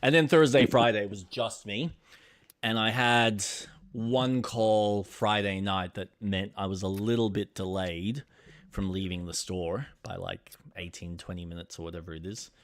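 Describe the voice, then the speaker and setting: A man's voice: fairly low pitch, fairly even intonation, measured pace, no room sound, studio quality. A young man co-hosting a casual chat stream, swearing freely and acting out the people in his stories. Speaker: podcast co-host.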